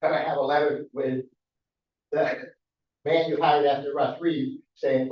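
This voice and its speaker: A man's voice: on the high side, steady tone, moderate pace. Aggrieved middle-aged man, distant and roomy. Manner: aggrieved, repetitive, pleading. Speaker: resident giving public comment. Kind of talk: public comment at a council meeting. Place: council chamber. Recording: roomy, distant, dull chamber audio.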